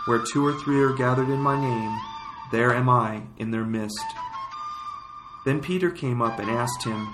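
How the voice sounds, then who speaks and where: A man reading scripture and prayers as a liturgical reader, in solemn, measured phrases. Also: medium pitch. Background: flute music.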